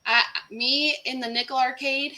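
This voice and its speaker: Bright high woman, playful and self-mocking. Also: fairly even intonation, moderate pace. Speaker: book club participant. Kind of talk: casual discussion.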